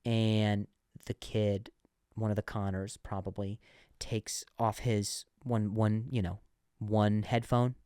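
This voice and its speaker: A man who stutters, hosting a comedy podcast and telling animated, self-mocking stories. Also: fairly low pitch, slow, clear, resonant tone, dry recording, studio quality. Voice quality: stutter, frequent repeated words. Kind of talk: comedic storytelling.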